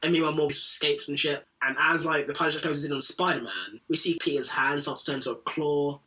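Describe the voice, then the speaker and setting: A man's voice: fairly high pitch, fast talker. A man co-hosting a podcast, casually recapping a cartoon episode and acting out characters' lines with plenty of swearing. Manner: animated, acts out characters' lines, swears freely. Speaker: podcast co-host.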